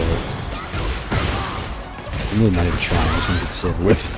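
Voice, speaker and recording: A man's voice: sits low, fairly quick, pauses often, music in the background. A tired man streaming a fighting game and chatting as he reacts aloud to each round. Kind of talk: live gameplay commentary.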